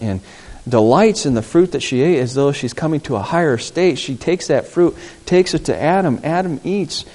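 A man's voice: medium pitch, dark tone. A man pastor preaching a sermon, acting out Bible dialogue and asking the congregation call-and-response questions.

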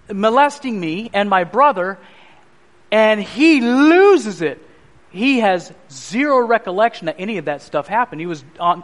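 High-voiced man preaching his testimony. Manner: animated storytelling, acting out the voices of people in his story. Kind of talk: sermon testimony storytelling.

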